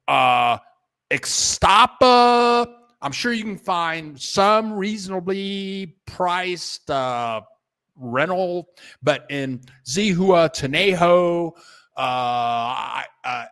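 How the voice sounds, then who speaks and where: A man hosting a casual livestream, rambling in a halting, repetitive way, thanking viewers and restarting his sentences as he chats from his computer at home. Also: fairly high pitch, a bit bright. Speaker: livestream host reading viewer donations.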